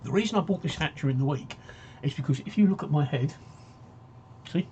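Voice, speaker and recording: A man's voice: on the high side, lively intonation, fairly quick, dark tone, lo-fi sound, slight background noise. A man hosting a casual live-stream talk show, rambling and joking as he reads out viewer comments.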